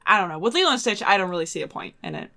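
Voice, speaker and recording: Woman, podcast host, casual chat, animated, emphatic, trails off. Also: medium pitch, rapid-fire. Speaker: podcast host reading news.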